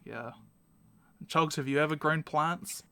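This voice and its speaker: A man's voice: a little high, takes it slowly, bright, forceful tone, smooth, dry recording. A young man hosting a casual podcast chat from home, rambling and self-mocking and laughing often. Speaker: podcast host.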